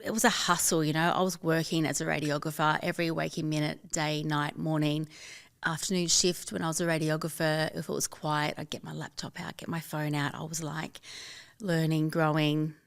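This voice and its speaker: A woman's voice: sits low, flat delivery, a little fast, vocal fry. A woman with an Australian accent, a business founder telling her story as a guest in a casual interview, upbeat and chatty. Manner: upbeat, chatty, quotes herself and others. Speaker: guest, fashion label founder.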